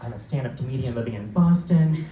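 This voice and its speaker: A young man doing a live stand-up set, telling stories in a camp, sassy way with quick asides. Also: medium pitch, expressive, mellow. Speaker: stand-up comedian. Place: theater stage before a laughing crowd. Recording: roomy live theater sound, mic distant, crowd audible.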